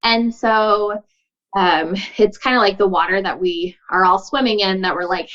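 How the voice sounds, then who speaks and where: A woman's voice: mid-range voice, fairly even intonation, normal speed, fairly bright tone, highs cut off. Earnest woman giving casual advice. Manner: earnest, uses many likes and you knows, acts out quoted dialogue. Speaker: podcast guest, boundaries coach.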